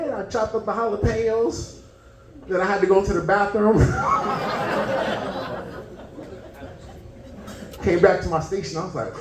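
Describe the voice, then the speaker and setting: This man's stand-up set moves at a measured pace with long pauses, his voice high-pitched, as he tells stories and acts out the characters in them. A live comedy club audience laughs, heard in a roomy, distant room recording with slight background noise.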